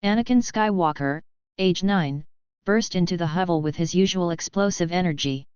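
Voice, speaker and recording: A woman narrates a fan story in an even, measured read. Her voice is low and very smooth. The recording is dull and lo-fi with a dry, close sound. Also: dry recording.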